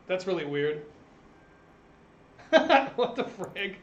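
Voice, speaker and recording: A man's voice: a little high, moderate pace, roomy sound, very noisy. A young man narrating a tabletop game as game master, chatty and self-deprecating.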